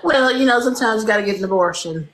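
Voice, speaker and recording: A woman's voice: mid-range voice, animated, fast, fairly bright tone, rough recording. Woman from Louisiana, stream host; sassy, blunt, teasing delivery. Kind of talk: joking live video chat.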